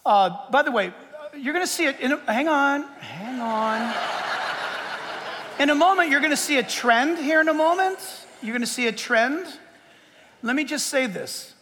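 High, bright-voiced man preaching in an echoey hall. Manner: emphatic, quoting scripture with asides and laughs. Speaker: pastor. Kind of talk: sermon.

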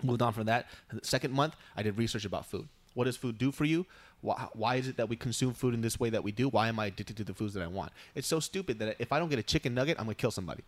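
A man's voice: mid-range voice, racing. Profane, laughing man telling stories. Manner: profane, laughs often, animated. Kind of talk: casual storytelling.

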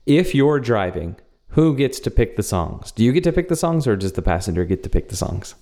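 A man's voice: mid-range voice, big pitch swings, fairly quick, dark tone. A man co-hosting a podcast, asking the group questions and chuckling through casual banter. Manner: amused, chuckles often, asks the group questions. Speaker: podcast co-host.

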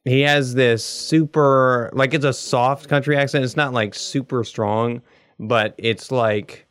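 A man's voice: medium pitch, steady tone, slow, fairly bright tone, clean tone. A young man co-hosting a podcast, telling a story in a rambling, hesitant way full of fillers. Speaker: podcast co-host. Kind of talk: casual chat.

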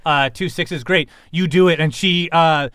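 A man's voice: fairly high pitch, unhurried, a bit bright, clean tone, dry recording, studio quality. A man narrating a tabletop game as game master, describing events vividly. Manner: vivid, gory narration with fillers.

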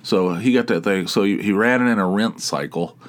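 A man with a very low, deep voice hosts his podcast alone, letting his stories wander in a loose, casual monologue. He gripes about everyday annoyances with wry, crude humor and a self-mocking edge. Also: moderate pace. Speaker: podcast host.

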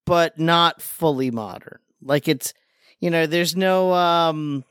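A man's voice: on the high side, slow, fairly bright tone, smooth, no echo, clean studio sound. A man co-hosting a casual gaming podcast, talking in a wry, sarcastic, joking way. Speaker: podcast co-host. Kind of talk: casual chat.

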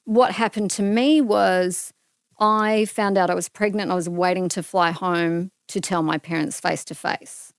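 In casual conversation as a podcast guest, a middle-aged Australian woman tells a personal story with animation, acting out its dialogue. She speaks unhurriedly in a smooth voice on the low side, recorded dry at studio quality.

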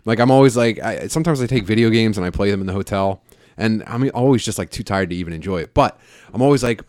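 A man in his thirties, a podcast co-host, talking in a casual, profane, rambling way with quick bursts of laughter. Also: on the low side, darkish tone, no room sound, clean studio sound. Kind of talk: casual chat.

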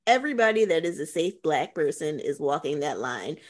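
A woman's voice: sits low, very animated, brisk. A woman guest on a podcast, laid-back and agreeable in casual chat.

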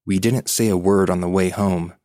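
A man hosting a podcast, reading a listener's ghost story aloud as scripted narration in a measured, suspenseful way. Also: low-pitched, steady tone, a little mellow, no echo, studio quality.

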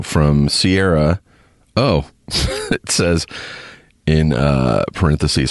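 A man's voice: a bass voice, takes it slowly, pauses often, dry recording, clean studio sound. A man hosting a podcast, reading a listener email aloud and rambling chattily with lots of self-corrections. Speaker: podcast host. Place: parked car.

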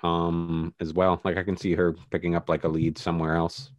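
A man's voice: sits low, level tone, a little fast, no room sound, clean studio sound. A man co-hosting a casual podcast, talking through a TV episode in a rambling, hesitant way. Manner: rambling, many fillers and restarts. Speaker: podcast co-host. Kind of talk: casual TV recap chat.

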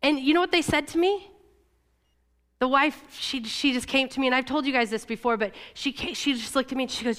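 A woman from Oregon giving a sermon, telling a personal story in an emotional, confessional way. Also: a bit bright. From Oregon, USA. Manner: emotional, confessional storytelling with quick shifts in pitch. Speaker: church staff speaker.

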